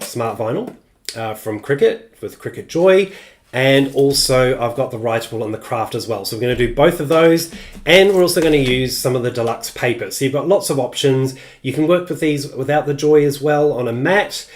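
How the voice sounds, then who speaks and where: A man of middle age hosts a live-streamed crafting tutorial. His mid-pitched voice wanders easily between demonstration and replies to viewers, full of ums and uhs in a loose, friendly chat. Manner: chatty, loose, many ums and uhs, answers viewer comments.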